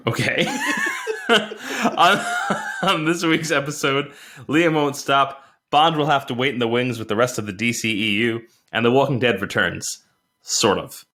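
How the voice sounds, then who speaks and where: A man's voice: mid-range voice, unhurried, sharp tone. A man co-hosting a podcast in casual chat, teasing and laughing often. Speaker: podcast co-host.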